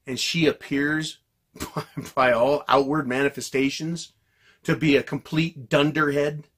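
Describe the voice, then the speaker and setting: A man delivering a heated, profanity-laced monologue to his viewers, yelling and venting. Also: on the high side, fairly even intonation, measured pace, husky. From United States. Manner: yells and vents angrily, heavy swearing. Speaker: political commentary vlogger.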